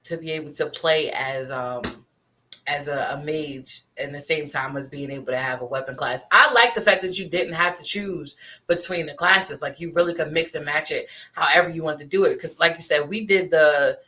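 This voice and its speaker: Woman, co-host, casual gaming chat, bright tone, laid-back, greets chat. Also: deep voice, normal speed. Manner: relaxed, greets viewers in chat mid-conversation. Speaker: podcast co-host.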